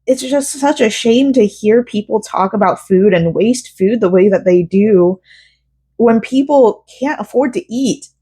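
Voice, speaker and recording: A woman's voice: on the high side, a little slow, mellow, breathy edge. A young woman from Central Florida, talking emotionally and rambling with many fillers in a personal vlog. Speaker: vlogger.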